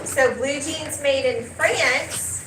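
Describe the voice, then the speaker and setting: A woman teacher, leading a class in a brisk, direct way and often checking in with "okay?". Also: high-pitched. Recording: roomy and noisy classroom, picked up from a distance.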